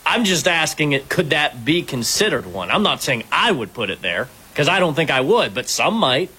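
A man's voice: a little high, very animated, moderate pace, pushed and bright, breathy edge, rough recording. A man co-hosting a sports talk radio show, asking earnest, tentative questions. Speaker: radio co-host. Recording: faint hiss.

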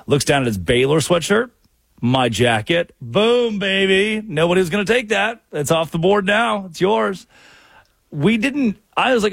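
A man's voice: sits high, measured pace, creaky, slightly rough, no echo, studio quality. A man hosting a comic sports talk show, telling stories with quoted voices. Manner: animated storytelling with voiced quotes.

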